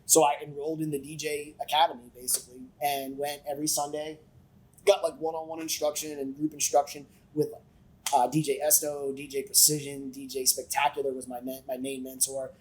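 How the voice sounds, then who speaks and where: A man on a podcast as a guest, telling stories in an animated way with lots of swearing. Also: fairly high pitch, fairly quick, rough recording. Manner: animated, profane storyteller who acts out quotes. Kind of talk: casual storytelling chat.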